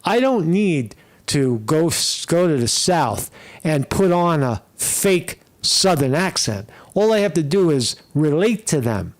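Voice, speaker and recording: A man's voice: fairly high pitch, big pitch swings, slow pace. A man hosting political commentary, blunt and scornful, swearing often as he reacts to clips. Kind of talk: opinionated commentary over clips.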